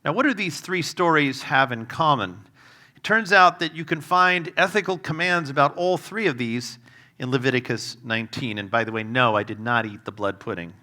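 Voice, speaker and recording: A man's voice: medium pitch, normal speed. A man preaching a sermon as a guest speaker, conversational and humorous, with fillers and wry asides. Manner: humorous storytelling, self-deprecating asides; conversational with fillers, varied loudness.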